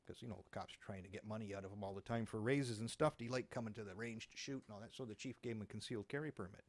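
Ranting man, gravelly voice. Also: lowish voice, rapid-fire. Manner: animated, sarcastic, profane ranting. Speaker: talk show host. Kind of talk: ranting commentary.

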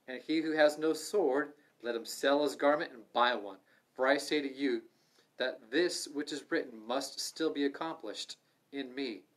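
Speaking at a measured pace and medium pitch, a middle-aged man runs a livestreamed Bible study on a livestream microphone. His tone stays earnest and conversational, alternating between loud urging and soft asides.

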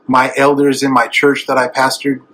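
Middle-aged evangelist, husky bright voice, tender and emotional preaching. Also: male voice, mid-range voice, monotone, normal speed, rough recording. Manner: emotional, tender, swelling to emphatic. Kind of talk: sermon.

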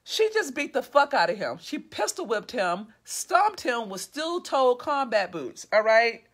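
A woman's voice: a little high, sing-song, a little slow. A woman reading her own story aloud and breaking off to gush and swear about her characters. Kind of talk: live reading with commentary.

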